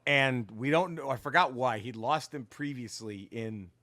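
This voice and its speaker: A man co-hosting a casual podcast, retelling comic book plots in an animated, profane way with lots of restarts. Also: mid-range voice, moderate pace. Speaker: podcast co-host.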